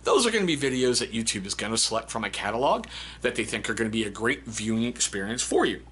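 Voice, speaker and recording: Laughing bright-voiced man reviewing a book. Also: mid-range voice, big pitch swings, quick pace, a little hiss or hum. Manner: laughs often, reads excerpts aloud. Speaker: book review channel host. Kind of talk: casual book review vlog.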